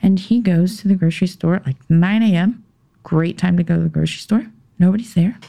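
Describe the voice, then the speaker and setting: A woman guest on a podcast telling a personal story in conversation. She talks haltingly, with restarts and pauses, and drops into a tense whisper when she gets heated. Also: on the low side, gravelly, dark tone.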